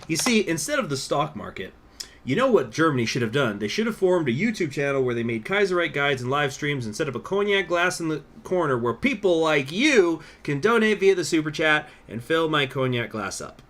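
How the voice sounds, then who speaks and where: A man's voice: fairly high pitch, sing-song, a little fast, a bit bright. A young man live-streaming a strategy game, rambling casually with lots of fillers and swearing.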